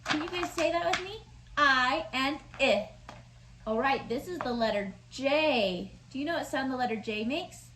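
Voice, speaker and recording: A woman teaching letters and sounds to young children in a slow, sing-song voice with exaggerated sounds. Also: high-pitched, expressive. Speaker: preschool teacher. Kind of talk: online lesson for young children. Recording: echoey room with faint noise.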